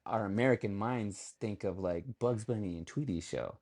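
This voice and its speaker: Rambling low-voiced podcast host. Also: male voice, normal speed, darkish tone. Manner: rambling, restarts often, trails off mid-thought. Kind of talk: casual chat.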